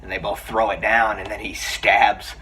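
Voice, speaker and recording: A man giving a casual, excited film review, chatty and full of fillers, often laughing. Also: lowish voice, moderate pace, husky. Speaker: movie reviewer. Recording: voice a bit far from the mic, faint background noise.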